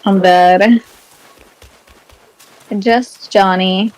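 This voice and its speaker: A woman's voice: mid-range voice, steady tone, extremely slow, darkish tone, no room sound. A woman chatting casually as a co-host, making dry, teasing remarks. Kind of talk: casual chat.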